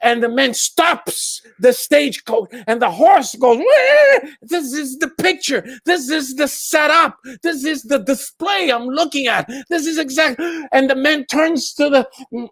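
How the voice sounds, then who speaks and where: A man from Brazil with a Brazilian accent, telling a story as a guest in a lively, laughing way on a video call. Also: extremely high pitch, unhurried, no echo. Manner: lively, laughs often, repeats words. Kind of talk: animated storytelling in a chat.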